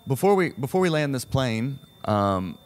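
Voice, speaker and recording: A man's voice: medium pitch, very animated, normal speed. A man hosting a casual comedy podcast, chatting and asking a guest questions. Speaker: podcast host. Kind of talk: casual interview chat.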